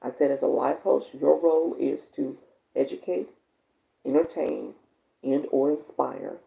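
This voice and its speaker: A woman hosts a casual live stream, coaching her viewers in an encouraging, chatty way. Her voice is very gravelly and dark. She reads their comments aloud and answers them as she goes. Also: unhurried, rough recording. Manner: encouraging, chatty, bursts into high excited laughter.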